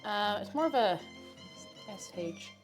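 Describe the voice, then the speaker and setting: A woman's voice: medium pitch, animated, unhurried. A woman streaming from home talks casually as she cooks. Her voice swoops up and down, and she jokes, giggles and repeats words for fun, with faint music underneath. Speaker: live streamer. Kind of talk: casual live-stream chat while cooking.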